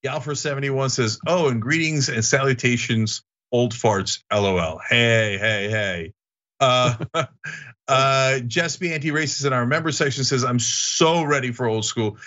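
A male host bantering and laughing as he reads viewer comments aloud. His voice is bright and forward. The audio is dull and lo-fi. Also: mid-range voice, measured pace. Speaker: show host. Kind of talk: casual chat, reading viewer comments.

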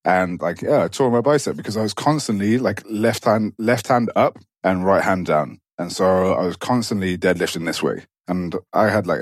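Brief: young male co-host, very deep voice, dry close sound, rambling and casual. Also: dry recording. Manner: rambling, many fillers and restarts. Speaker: podcast co-host. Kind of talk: casual chat.

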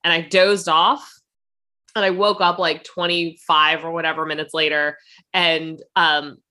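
Bright-voiced joking woman co-host. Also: low-pitched, level tone, a little slow. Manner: playful, joking, laughing. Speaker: podcast co-host. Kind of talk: casual chat.

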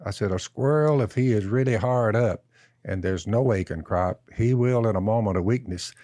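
A man telling a slow, folksy outdoor story and turning it into Bible teaching, repeating "I said" as he goes. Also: fairly low pitch, mellow, no room sound. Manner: slow, drawn-out storyteller who keeps repeating "I said". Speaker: podcast co-host.

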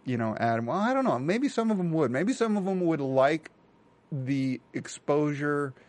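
A man's voice: on the high side, expressive, normal speed, a little mellow. A man co-hosting a casual podcast chat, easygoing, explaining practical details with dry jokes. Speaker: podcast co-host.

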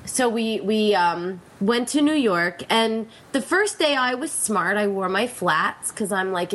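A woman's voice: mid-range voice, lively intonation, moderate pace, fairly bright tone. A woman in her forties with a Pennsylvania accent hosting a talk radio show, sounding nasal from a cold and chatting in a rambling, self-mocking way. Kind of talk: casual radio chat.

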